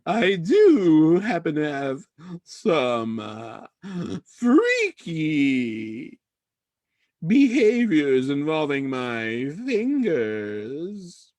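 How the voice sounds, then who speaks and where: A man's voice: fairly high pitch, wildly swooping pitch, extremely slow, darkish tone, no echo, pitched above the performer's own voice, full character voice. A man voicing a creepy, leering underground boss with a sleazy, suggestive manner, in an improvised comedy bit. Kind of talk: improvised comedy role-play.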